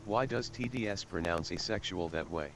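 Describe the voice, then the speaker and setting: A man's voice: low voice, normal speed, a bit bright, slight background noise. A man streamer chatting casually and playfully, reading chat aloud and joking. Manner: playful, jokey, sing-song repeating. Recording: clear music playing behind.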